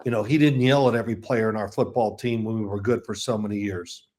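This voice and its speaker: A man's voice: on the low side, steady tone, fast talker, a little mellow. Older man telling rambling stories. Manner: chatty, rambling anecdotes with frequent restarts and chuckles. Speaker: football analyst, interview guest. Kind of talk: casual interview storytelling.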